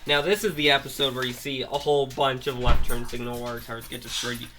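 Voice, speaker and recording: A man's voice: mid-range voice, fairly even intonation, quick pace, background noise. A man casually retelling a monster story of his own, rambling with frequent restarts and fillers, at home with his grandmother nearby.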